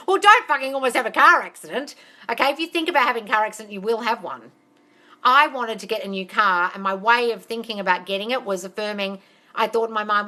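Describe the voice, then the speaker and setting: A woman's voice: mid-range voice, fast, pushed and bright. A woman answering questions on a live stream as a manifestation coach. She is blunt and swears freely, and she calls her listeners darling. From not American.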